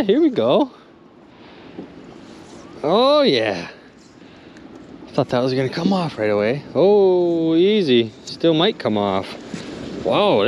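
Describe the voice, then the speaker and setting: A man vlogging while magnet fishing from a boat outdoors, excitedly narrating his finds to viewers and exclaiming often. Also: a little high, slight background noise. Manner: animated, exclaims often, keeps addressing viewers as "you guys".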